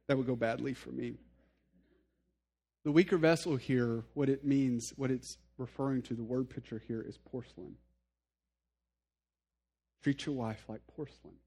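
A man's voice: mid-range voice, moderate pace, gravelly, long pauses, darkish tone, slightly rough. A male pastor giving a sermon in a conversational, earnest way, speaking straight to his listeners and poking fun at himself. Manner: conversational, self-deprecating humor; addresses listeners directly, earnest.

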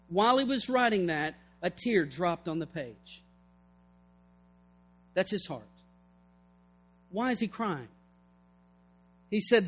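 A man's voice: high voice, animated, slow, long pauses, fairly bright tone, breathy edge. A man preaching a sermon with fervor, reading scripture and acting out its scenes. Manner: fervent, acts out scripture scenes.

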